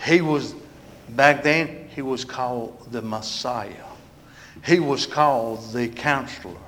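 A man preaching a sermon in a church, moving between loud proclaiming and hushed, almost whispered passages. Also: mid-range voice, slow.

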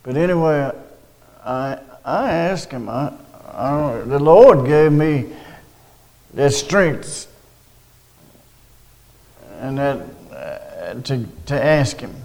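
An older man with a drawl tells a story slowly and unhurriedly. His voice is gravelly and creaky, and it sits at an ordinary pitch. He rambles and restarts as he goes, like someone giving a spoken testimony. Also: animated, a little mellow, in a large hall, poor audio. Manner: rambling, halting, with restarts and asides. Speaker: storyteller recounting a personal witness.

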